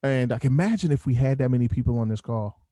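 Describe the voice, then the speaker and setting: A man hosting a group video call, joking and chatty from a dark room at home. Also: medium pitch, quick pace, dry recording, studio quality. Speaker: host. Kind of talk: casual video call chat. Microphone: headphones on a video call.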